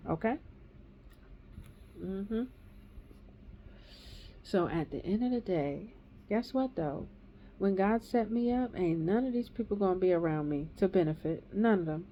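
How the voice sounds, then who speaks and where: A woman's voice: fairly low pitch, a little slow, pauses often, slight background noise. A woman in her thirties or forties giving a raw, angry personal testimony, ranting and swearing heavily. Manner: heated, profane ranting. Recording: dull lo-fi recording.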